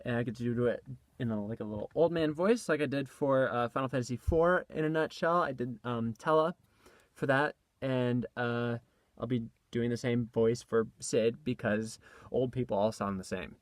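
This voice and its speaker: A man's voice: medium pitch, normal speed, dry recording, clean studio sound. Rambling young man in a padded closet. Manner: rambling, self-deprecating, lots of fillers and restarts. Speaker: voice actor vlogging a recording session. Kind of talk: casual behind-the-scenes chat. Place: small closet full of clothes. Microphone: tablet's built-in mic.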